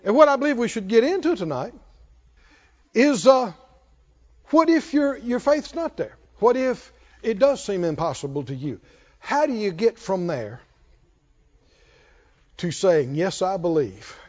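A man's voice: high-pitched, sing-song, unhurried, long pauses. A man preaching a sermon, emphatic with call-and-response and chuckling asides, in a dull lo-fi recording.

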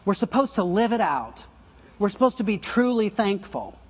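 An older man preaching a conversational sermon, full of asides and self-corrections and soft laughs at his own stories. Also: high voice, big pitch swings, moderate pace, husky, lo-fi sound. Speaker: pastor.

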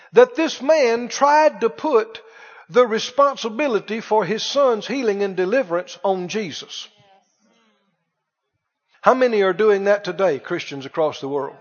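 A man preaching a sermon with emphasis, slowly drawing out quoted pleas and scripture. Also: sits high. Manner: emphatic, drawn-out quoting of pleas. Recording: dull recording in a reverberant hall.

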